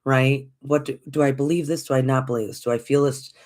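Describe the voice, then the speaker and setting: A podcast host giving a reflective spiritual talk, gentle and encouraging, repeating phrases, asking rhetorical questions and calling listeners folks. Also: medium pitch, steady tone, fairly quick.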